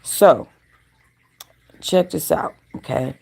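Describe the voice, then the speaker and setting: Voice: mid-range voice, slow pace, gravelly, dark tone, breathy edge. A gossip channel host chatting casually and directly to viewers during a livestream. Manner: chatty, talks straight to viewers.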